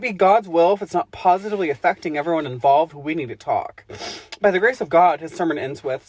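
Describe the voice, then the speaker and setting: A woman's voice: fairly low pitch, a little fast, darkish tone, husky, no echo. A woman co-hosting a podcast, reading erotic fiction aloud with crude, giggly asides and frequent self-interruptions. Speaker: podcast co-host.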